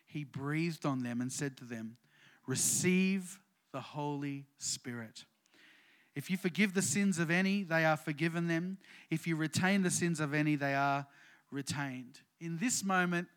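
Aussie pastor guy preaching, bit higher voice, chatty with lots of uhs then gets emphatic. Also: a bit bright. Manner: conversational preaching with frequent "uh" fillers, rising to emphatic declarations. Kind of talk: sermon.

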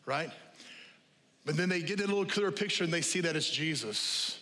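Bright-voiced pastor preaching in a reverberant hall. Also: male voice, fairly high pitch, moderate pace. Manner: lively conversational preaching that repeats key phrases; humorous asides to the congregation. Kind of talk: sermon. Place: church auditorium with live congregation.

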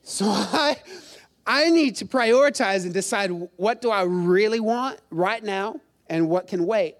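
A man's voice: high voice, a little slow. A middle-aged male pastor preaching a sermon in a chatty, self-deprecating storytelling way, quizzing the congregation.

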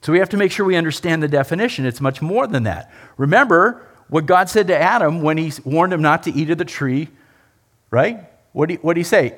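A man preaching a sermon with a lively, swinging delivery. His voice sits a bit high and moves up and down a lot as he drives home each point. He keeps throwing rhetorical questions at his listeners. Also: a little fast. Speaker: pastor.

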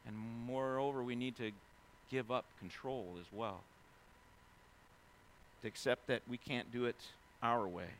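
A man in his forties, a pastor, preaching a sermon in a conversational way, swinging between loud excited stretches and hushed quiet ones, full of "you know" and "right?". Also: mid-range voice, unhurried, pauses often, slight background noise. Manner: heavy use of fillers like "you know" and "right?".

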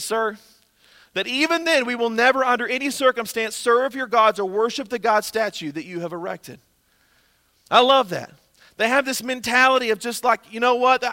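A male pastor preaching with eager, exclamatory energy, his voice pitched high and ringing bright. He is recorded in a church hall whose long reverb trails after each phrase. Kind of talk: sermon.

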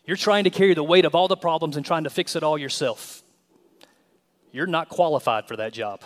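A male pastor with a high voice preaches emphatically, mixing humor into his sermon. The long reverb of a large hall trails behind his words.

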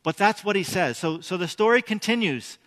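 A man preaches in a high, bright voice, talking with the congregation more than at them. He asks them questions as he goes. The sound carries a long reverb from a church hall. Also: animated, a little fast. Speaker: pastor. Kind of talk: sermon.

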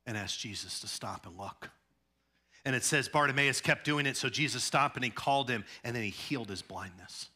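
A pastor who grew up in the Chicago area preaches a sermon, with animated delivery, humor and acted-out quotes. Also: male voice, medium pitch, brisk. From Chicago area, USA. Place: church sanctuary at a podium.

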